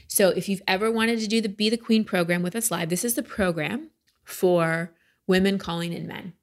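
A middle-aged woman who is a life coach hosts a podcast monologue, speaking in a mid-range voice at normal speed. She sounds earnest and chatty, slipping in small laughs.

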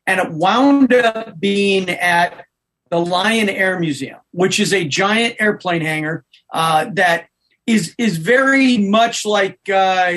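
A man, a podcast guest, telling an animated story in casual chat. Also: sits high, takes it slowly.

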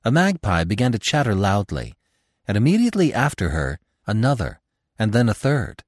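A man reads a classic novel aloud with dramatic, expressive storytelling. His voice is very deep yet moves a lot in pitch. The recording is dry and close, with no room sound. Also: normal speed, no echo. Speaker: narrator. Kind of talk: scripted narration of a classic novel.

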